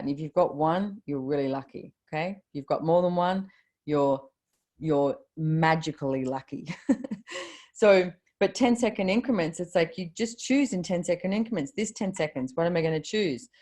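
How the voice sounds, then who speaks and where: Low-voiced woman giving a casual motivational talk. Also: normal speed, a little mellow. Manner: chatty, swears casually, quotes her own thoughts. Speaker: host of a live video call. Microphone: video call.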